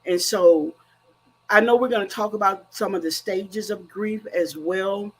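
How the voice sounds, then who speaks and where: A woman's voice: medium pitch, unhurried, low-quality recording. A woman grief coach speaking earnestly and emphatically in a faith-based, preacherly way. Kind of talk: faith-based conversational talk.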